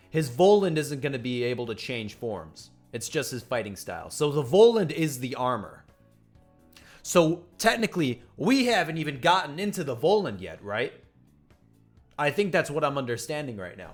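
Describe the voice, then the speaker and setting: A man hosting a casual reaction show, reading aloud and commenting in an excitable, profane way, with faint music behind him. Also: medium pitch. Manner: excitable and profane, laughs along. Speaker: manga reaction host.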